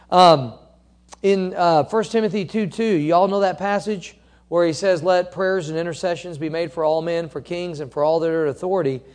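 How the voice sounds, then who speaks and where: A man preaching a sermon, quoting scripture and driving his points home with emphatic, rising repetition. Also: high voice. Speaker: pastor.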